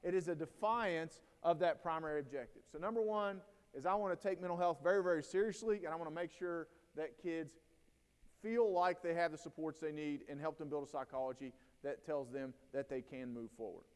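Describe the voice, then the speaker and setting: A man, giving a keynote talk to educators and telling stories with lively acted-out quotes. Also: on the high side, brisk, smooth. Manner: storytelling, animated, acts out quotes. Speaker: keynote speaker at a teacher training day. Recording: long hall reverb.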